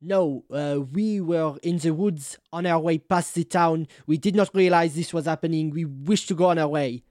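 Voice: medium pitch, normal speed, few pauses, a little mellow, no echo, studio quality, natural voice. A tabletop player voicing a polite male swordsman who earnestly pleads to be let go. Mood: placating.

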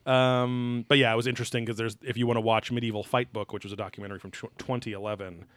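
A young man with a mid-pitched voice talks loosely and sarcastically, swearing freely as he rambles through a show recap. The sound is close and dry, with no room echo. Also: level tone, fast talker. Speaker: podcast co-host. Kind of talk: casual profane chat reviewing a TV episode.

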